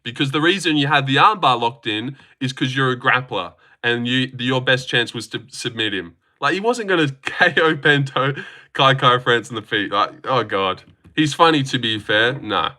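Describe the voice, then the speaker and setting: A man's voice: medium pitch, animated, normal speed, sharp tone. A man streaming live, reading chat comments aloud and answering them in profane, heated rants.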